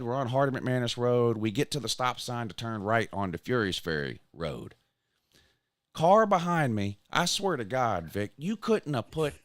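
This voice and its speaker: A man, hosting a casual chat and telling a story in a self-mocking way, sometimes loud and sometimes mumbling. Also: mid-range voice, no echo, clean studio sound. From Georgia, US. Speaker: podcast host.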